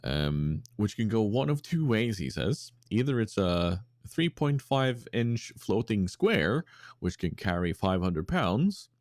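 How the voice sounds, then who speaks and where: A man's voice: fairly low pitch, sing-song, takes it slowly, darkish tone, no echo, clean studio sound. A man co-hosting a podcast in casual chat, reading out listener submissions with lots of fillers and restarts. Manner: rambling with many fillers, breaks into silly voices.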